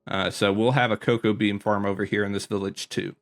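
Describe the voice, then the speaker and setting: A man's voice: fairly low pitch, flat delivery, fairly quick. A man casually commentating a tour of his survival game world, rambling with lots of ums and self-corrections, a little out of breath. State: slightly out of breath. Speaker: gaming YouTuber.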